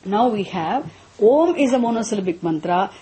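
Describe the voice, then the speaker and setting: A woman teaching a class on Sanskrit mantras. She explains patiently, often repeats and restarts her phrases, and chants some lines slowly. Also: medium pitch, lively intonation, warm tone.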